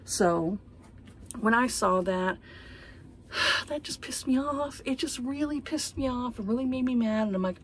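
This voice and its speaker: Husky woman ranting, exasperated and profane. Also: fairly high pitch, animated, measured pace, pauses often. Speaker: book vlogger. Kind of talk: casual ranting monologue.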